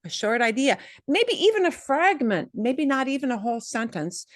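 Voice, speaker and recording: A woman's voice: sits high, lively intonation, dry recording, clean studio sound. Playful woman teaching a Spanish class. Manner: slow, drawn-out modeling of Spanish words, playful asides. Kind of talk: online language class.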